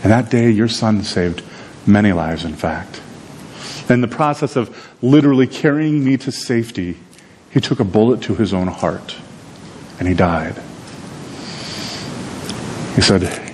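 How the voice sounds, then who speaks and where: A man preaching a sermon, telling a story in a conversational, animated way with frequent repeated words. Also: fairly low pitch, a little slow, long pauses, slight background noise. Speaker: pastor.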